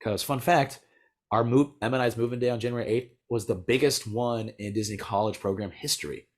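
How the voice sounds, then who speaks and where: A young American man chatting casually, telling a rambling story full of "like" and quick laughs. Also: mid-range voice. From United States. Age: young adult. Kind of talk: casual chat.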